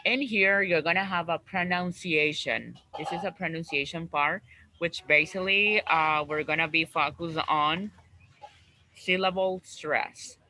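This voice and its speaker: A man teaching an English class over a video call, slowly repeating words and phrases for his students. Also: on the high side, bright, forceful tone, a little hiss or hum, rough recording.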